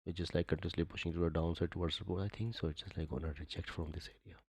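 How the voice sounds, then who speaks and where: A man with a fairly low voice hosts a live trading stream, walking through market charts as he goes. He keeps filling his sentences with "just, like" and bursts into excited little exclamations. The sound is close and dry, with no room behind it. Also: rapid-fire, husky, no echo. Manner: peppers speech with "just, like", frequent excited exclamations.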